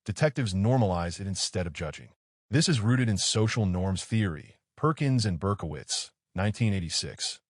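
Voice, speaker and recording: A man's voice: fairly low pitch, dry recording, studio quality. A man giving scripted, analytical true crime narration, citing studies and their years.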